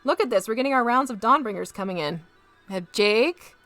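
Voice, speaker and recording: A woman's voice: fairly high pitch, lively intonation, a little fast, a bit bright, soft background music. A woman hosting a casual live stream, chatting to viewers as she paints miniatures and talks through each step.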